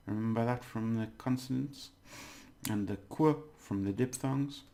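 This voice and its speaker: A man with a gravelly, creaky voice teaches a relaxed video lesson. He stretches and overdoes words to show how they sound, and laughs off his own stumbles. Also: medium pitch, unhurried. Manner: chatty, exaggerates words to demonstrate, laughs at own slips. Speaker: language teacher.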